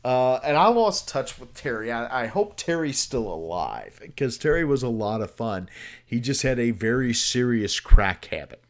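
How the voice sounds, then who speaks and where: A man's voice: medium pitch, sing-song, moderate pace. A man hosting a livestream, telling a story casually and at length, with swearing and many fillers. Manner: rambling, profane, with many fillers. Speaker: livestream host.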